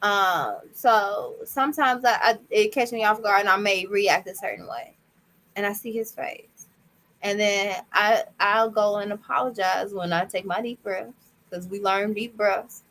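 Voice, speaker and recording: A woman's voice: mid-range voice, steady tone, unhurried, a bit bright, rough recording. Young woman chatting earnestly on a podcast. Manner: earnest, acts out her toddler's voice. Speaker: podcast co-host. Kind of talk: casual podcast chat.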